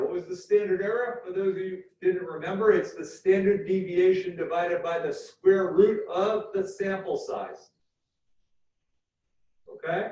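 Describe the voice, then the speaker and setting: A man lecturing a university class, explaining step by step and repeating key points slowly. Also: high-pitched, mellow. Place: lecture hall. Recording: echoey hall from far off, dull.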